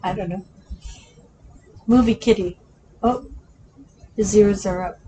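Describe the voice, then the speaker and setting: A woman co-hosting a casual movie chat, direct and quick to push back on her partner. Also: mid-range voice, dark tone, slight background noise, rough recording. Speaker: co-host.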